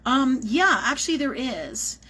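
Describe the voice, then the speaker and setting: A woman's voice: sits high, big pitch swings, a little slow, sharp tone, breathy edge, rough recording. A woman talking casually and animatedly as a medium in a live-streamed reading, swearing now and then. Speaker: psychic medium.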